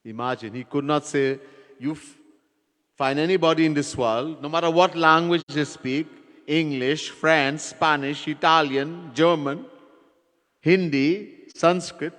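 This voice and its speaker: A man preaching a devotional sermon, telling a story in an animated way and acting out its characters. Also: a little high, a little slow. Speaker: swami, preacher. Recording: long hall reverb.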